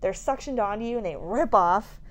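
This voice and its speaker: A woman in her thirties shares an exhausting story in casual podcast chat. She laughs through it, swears freely and acts out her own quotes with big pitch jumps. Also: brisk.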